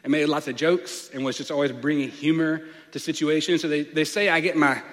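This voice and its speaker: A man, preaching a sermon as a playful, animated storyteller. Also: on the high side, fairly quick. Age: late 20s. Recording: long reverb of a large hall.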